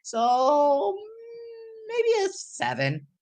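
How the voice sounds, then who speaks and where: A woman's voice: extremely high pitch, wildly swooping pitch, very slow, darkish tone, pitched above the performer's own voice, full character voice. A woman voicing a cowardly male adventurer who talks about himself in the third person and wails when he pleads. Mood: sheepish.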